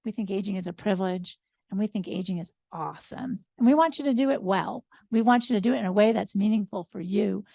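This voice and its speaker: Upbeat older woman, gravelly edge. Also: medium pitch, fast talker, dark tone, no room sound. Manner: upbeat, with frequent ums. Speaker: social psychologist, educator. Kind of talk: seminar panel talk.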